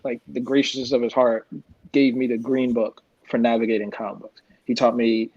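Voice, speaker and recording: A man's voice: medium pitch, a little fast, breathy edge, dry recording. A man in his forties, a guest comics creator chatting on a livestream panel, telling stories and acting out the lines he quotes. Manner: animated storyteller who acts out quoted lines. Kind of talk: casual panel chat over a livestream. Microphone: video call. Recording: lo-fi livestream audio.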